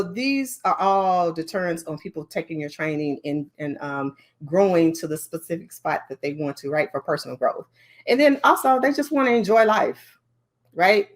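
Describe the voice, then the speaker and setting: A woman with a lowish voice leads a conference training session on learning design. She talks in a lively, chatty way, scattering fillers and asides throughout.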